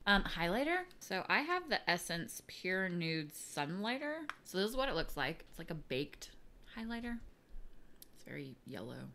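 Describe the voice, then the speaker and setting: Playful woman with a lively, lowish voice. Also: unhurried, slight background noise. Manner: playful, silly asides and mock-dramatic quips. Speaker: beauty vlogger. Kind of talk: casual makeup tutorial.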